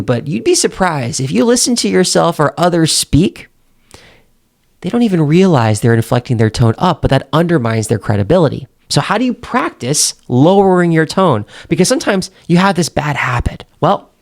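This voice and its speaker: A man teaching confident speaking as a coach, pausing for effect and acting out example sentences. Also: on the high side, darkish tone. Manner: demonstrates intonation with example sentences; emphatic, pauses for effect. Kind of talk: instructional talk.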